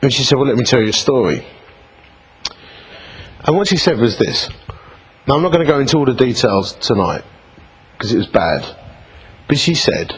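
A middle-aged vicar preaching through a personal story. His pitch swings widely as he acts out the people in his anecdotes, with a self-mocking, animated delivery at a mid-range male pitch. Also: normal speed, pauses often, husky, poor audio. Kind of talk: storytelling sermon.

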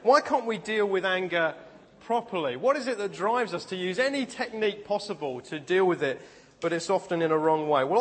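A man's voice: high-pitched, a bit bright, in a large hall. A man preaching a sermon, telling personal stories with self-deprecating humor and stop-start phrasing. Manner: speaks in bursts with repeated restarts.

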